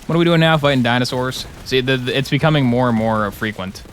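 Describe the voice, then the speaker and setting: A man's voice: mid-range voice, quick pace, slight background noise. A young man joking and rambling through casual commentary while streaming a game. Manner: joking, rambling, playful asides.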